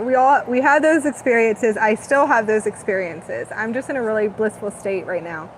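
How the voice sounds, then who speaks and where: Female host, rather high voice, dreamy and gushing channeling talk, faint hiss behind. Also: moderate pace, hardly any pauses, poor audio. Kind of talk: live spiritual channeling talk.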